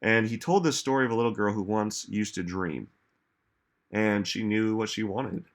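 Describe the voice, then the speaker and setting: A man's voice: fairly low pitch, normal speed. A man giving a casual motivational talk to an audience, chatty, often saying "like" and "right?", stressing his points with questions. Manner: conversational, frequent "like" and "right?". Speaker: self-help speaker.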